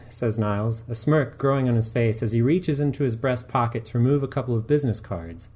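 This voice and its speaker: A man narrating a written story in a measured, descriptive reading. He sets the scene steadily for his listeners. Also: mid-range voice, darkish tone. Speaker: storyteller and writer. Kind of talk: scripted narration.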